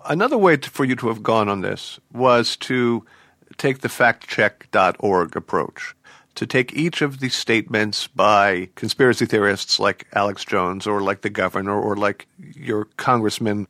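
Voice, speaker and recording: A man's voice: on the low side, a bit bright, no room sound. A man hosting a radio show, interviewing a guest in a playful, articulate way, then reading the show credits. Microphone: studio microphone. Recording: dry studio sound with faint music.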